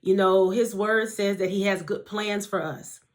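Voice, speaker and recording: A woman giving a casual devotional talk as a faith teacher, speaking to her listeners like family and moving between soft asides and emphatic lines. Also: mid-range voice, steady tone, unhurried. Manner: warm conversational preaching, addresses listeners as family and honey.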